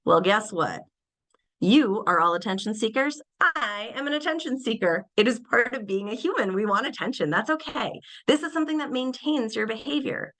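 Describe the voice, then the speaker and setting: A young adult woman presenting a webinar lecture on behavior, animated and acting out little everyday scenes in changed voices. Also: a little high, moderate pace, low-quality recording.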